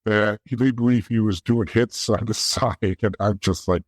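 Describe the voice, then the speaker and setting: A man's voice: lowish voice, moderate pace, few pauses, dry recording. A man from the East Coast, a guest in an interview, telling his story candidly in a blunt, profane way that often restarts. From East Coast of the United States.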